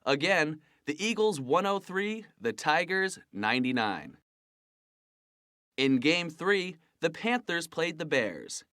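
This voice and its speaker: An actor playing a sports radio host who reads scores slowly and clearly for learners. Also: male voice, fairly high pitch, very animated, a bit bright, dry recording, studio quality, full character voice. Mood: upbeat. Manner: slow, clear, stressing each score. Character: upbeat male sports radio host, adult. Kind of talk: scripted sports report for a language lesson.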